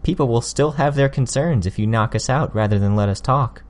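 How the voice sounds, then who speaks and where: A man voicing a sly, sharp-tongued teenage girl villain in an audiobook, smug and needling. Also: medium pitch, brisk, close to an everyday voice. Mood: challenging. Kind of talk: audiobook character voice.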